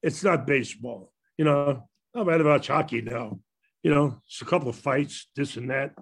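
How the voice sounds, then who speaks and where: A man's voice: mid-range voice, moderate pace, gravelly, slightly rough. Older Brooklyn man spinning rambling stories. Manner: rambling, laughing at his own stories. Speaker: former ballplayer telling stories. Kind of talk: casual storytelling on a panel.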